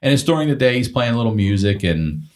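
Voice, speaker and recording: A male comedian telling a long, animated story in casual chat, swearing freely and acting out the people he quotes. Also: mid-range voice, fast talker. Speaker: guest comedian.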